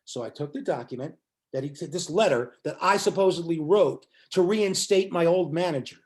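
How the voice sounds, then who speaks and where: An older man, a musician, recounts a story as a guest. He voices the quotes of the people in it with animation, and his voice sits slightly high. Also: normal speed, darkish tone. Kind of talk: storytelling in an interview.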